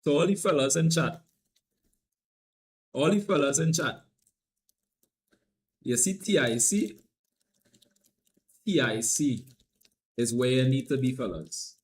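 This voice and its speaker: A young man with a Trinidadian accent chatting casually on a live stream, playful and loose, repeating lines and swinging between loud hype and low mumbling. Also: takes it slowly, pauses often, breathy edge.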